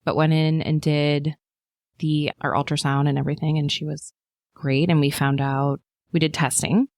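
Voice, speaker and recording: A woman in her thirties, a podcast guest telling her birth story in a chatty way, with lots of fillers and lively quoting of people. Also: low-pitched, moderate pace, no room sound, clean studio sound. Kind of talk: casual chat.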